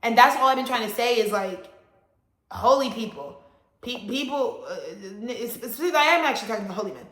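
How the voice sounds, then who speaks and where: A woman with a fairly high voice rants bluntly at her viewers, profane and animated, punching her words. Her voice rings around an echoey room. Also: normal speed. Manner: blunt, profane and animated, with frequent loud emphasis. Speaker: astrology vlogger. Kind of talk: casual ranting monologue.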